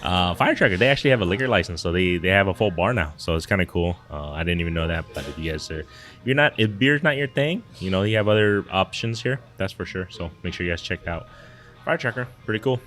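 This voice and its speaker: A man's voice: low voice, animated, quick pace, fairly bright tone, faint music behind. A man co-hosting a fishing podcast from a brewery, chatting casually with a rambling, laid-back manner. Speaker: podcast co-host. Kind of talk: casual chat. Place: brewery taproom.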